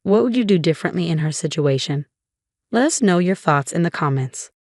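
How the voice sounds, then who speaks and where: A woman reading a first-person story aloud in a steady, even narration. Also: on the low side, a little fast, no echo, clean studio sound. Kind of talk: scripted narration.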